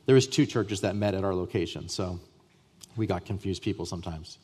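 A man pastor preaching a sermon to his church, emphatic, with repeated starts and swings between loud and soft. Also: deep voice, a little fast, slight background noise. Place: church sanctuary.

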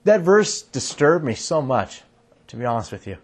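A man preaching a sermon, reading scripture in a slower, lower voice and explaining it earnestly. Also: sing-song, breathy edge. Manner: reads scripture in a lower, slower voice, then speeds up; earnest, restarts sentences. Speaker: pastor.

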